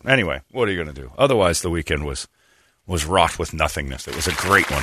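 A man's voice: very deep voice, quick pace, over a noisy crowd, heavy background noise. A man hosting a comedic podcast chat, rambling and sarcastic. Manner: rambling, sarcastic, animated, slips into mock voices.

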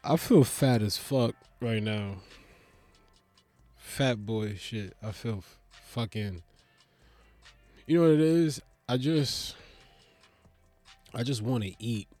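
A man's voice: medium pitch, slow, pauses often, darkish tone, faint music behind. A man talking casually in a comedic vlog monologue, rambling and swearing as he jokes. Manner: rambling, profane, joking.

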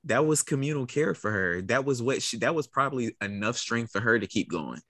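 A man co-hosting a podcast, responding in an affirming, animated way with casual slang. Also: mid-range voice, fairly quick, dry recording, clean studio sound. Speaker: podcast co-host. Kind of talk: casual chat.

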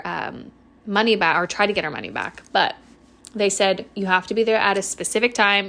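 A young woman hosting her own podcast, telling a rambling personal story in a casual, animated way and swearing freely. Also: fairly high pitch. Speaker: podcast host.

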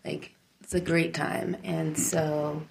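A woman's voice: sits low, little pitch movement, slow, creaky, darkish tone, slight background noise. A woman co-hosting a podcast in casual chat, filling her talk with "like" and "you know" and laughing easily.

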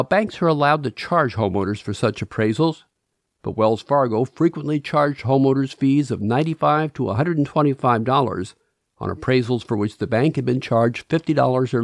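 A man's voice: medium pitch, darkish tone, dry recording. Guy narrating a podcast, dry sarcastic little asides, very dry close sound. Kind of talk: scripted narration.

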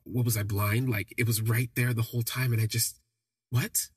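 A young man telling a personal story on a podcast, reflective and halting with frequent restarts. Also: mid-range voice, little pitch movement, breathy edge, dry recording.

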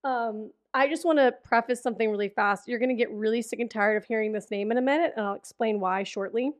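A woman in her thirties co-hosting a podcast, telling stories in a giggly, animated way and swearing casually. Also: on the high side, quick pace. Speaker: podcast co-host. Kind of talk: casual chat.

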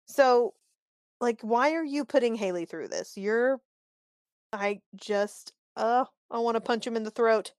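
A woman co-hosting a casual podcast, recapping a TV episode in a chatty, animated way and acting out the characters' lines. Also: on the high side, measured pace, smooth, dry recording, clean studio sound. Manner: chatty and animated, acts out quoted lines, openly annoyed. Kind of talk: casual chat.

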